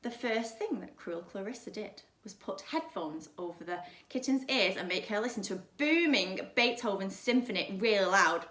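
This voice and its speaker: A woman teacher reading a children's story aloud in a lively, expressive way, with chatty asides. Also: mid-range voice, normal speed, few pauses, echoey room. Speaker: primary school teacher.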